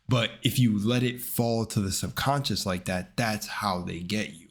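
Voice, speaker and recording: A young man telling a personal story to his viewers in a rambling, excitable way, with casual swearing and repeated words. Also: on the low side, moderate pace, hardly any pauses. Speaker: channel host.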